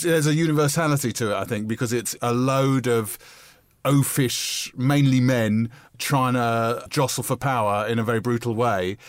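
Man, screenwriter guest, mid pitch, animated chatty explaining, dry recording. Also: no room sound. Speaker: co-writer guest. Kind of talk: film interview.

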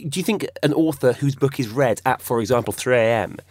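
A man with a mid-pitched voice leads a studio radio discussion, wry and conversational as he works from his notes. The sound is close and dry, with no echo. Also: fast talker, a little mellow. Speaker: radio host. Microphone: studio microphone.

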